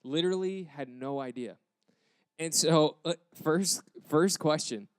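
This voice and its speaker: A young American man, a pastor, telling a story in a sermon with animated acted quotes. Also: fairly high pitch, measured pace, clean tone, dry recording. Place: church campus.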